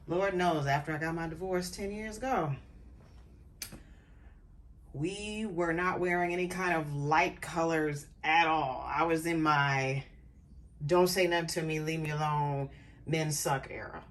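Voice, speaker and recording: A middle-aged woman vlogging casually, playful and animated, chatting to her pet and her viewers. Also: sits low. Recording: faint background noise.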